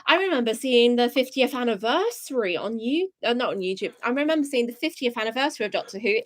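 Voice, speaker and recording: A young woman hosting a live stream in casual chat, reading viewers' comments aloud and answering them with excited gasps. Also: on the high side, fast talker.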